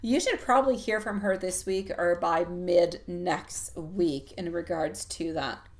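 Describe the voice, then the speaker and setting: Lady doing a live tarot reading, soft and reassuring, calls you love. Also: on the low side, unhurried. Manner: gentle, reassuring, addresses viewers as love. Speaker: tarot reader.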